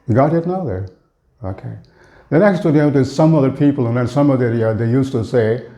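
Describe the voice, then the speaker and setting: A man gives a spoken English lesson, drawing out sample greetings slowly with a musical lift and often asking whether you got it. His voice is mellow and soft-edged. The sound carries a noticeable room echo. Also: mid-range voice, lively intonation. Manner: repeats example phrases slowly with sing-song emphasis; asks the listener if they got it. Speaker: English teacher.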